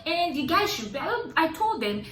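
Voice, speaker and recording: A young adult Nigerian woman with a Nigerian accent, vlogging, telling a story with lively, high-pitched outbursts when she quotes people. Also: brisk, distant mic. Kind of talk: animated storytelling. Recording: echoey room, voice set back from mic.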